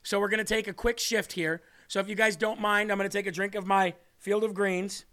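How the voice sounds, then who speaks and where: A man's voice: high voice, fairly even intonation, a little fast, pushed and bright. A man hosting his own livestream show, giving heated, combative political commentary in an emphatic, ranting manner.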